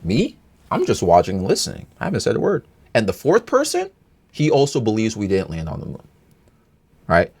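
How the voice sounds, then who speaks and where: Casual male storyteller, opinionated and rambling, very lively pitch swings. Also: a little fast. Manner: animated, rambling, swings pitch high in exasperation.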